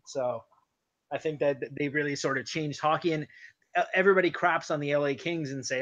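A man co-hosting a casual hockey podcast, chatty and quick to laugh as he tells stories. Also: a little high, steady tone, a bit bright, highs cut off. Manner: chatty storyteller, laughs easily. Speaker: podcast co-host.

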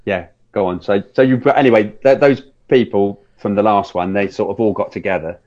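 A man's voice: on the low side, fairly quick, darkish tone, muffled recording. A man co-hosting a film podcast, talking casually and rambling through a review while acting out scenes. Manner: rambling, restarts often, acts out scenes in quotes.

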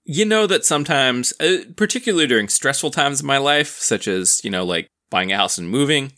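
A man's voice: mid-range voice, lively intonation, a little fast, pushed and bright. A man co-hosting a podcast who tells stories in casual chat, rambling and amused. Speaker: podcast co-host.

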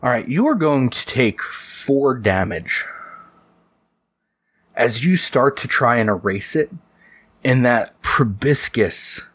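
A man narrating as game master for a tabletop horror game, slowing down for dramatic beats. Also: medium pitch, a bit bright, slightly rough, dry recording. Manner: slow, deliberate for dramatic beats.

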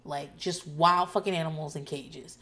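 A woman host talking casually and loudly about a show, profane and animated, acting out people's lines in shouts. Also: deep voice, normal speed. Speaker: podcast host recapping a TV show. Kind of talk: casual chat.

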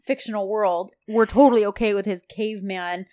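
A woman co-hosting a casual podcast chat, retelling a TV episode with lively acted-out lines. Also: medium pitch, brisk. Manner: animated retelling, acting out characters' lines. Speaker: podcast co-host.

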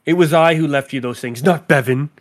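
A man's voice: fairly high pitch, a little fast, natural voice. Man doing a heartfelt young tavern lad, earnest, sincere.

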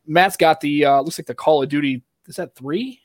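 A man with a fairly high-pitched voice speaks at normal speed, recorded dry with clean studio sound. He's co-hosting a podcast, chatting casually and rambling with lots of fillers and restarts.

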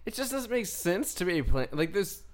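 A man's voice: high voice, sing-song, moderate pace. A man co-hosting a casual podcast, asking skeptical questions. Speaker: podcast co-host. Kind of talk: casual chat.

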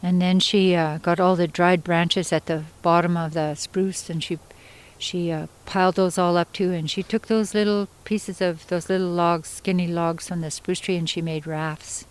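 A woman storyteller from Yukon, Canada, telling a traditional story in an unhurried, conversational way with pauses and asides. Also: on the low side, steady tone, clean tone, rough recording. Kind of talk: oral storytelling.

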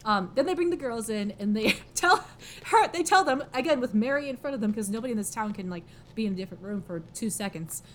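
A woman's voice: fairly high pitch, animated, fast talker, slight background noise. A woman casually recapping a story in a chatty way, full of fillers like "like" and "um" and frequent laughs. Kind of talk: casual plot summary.

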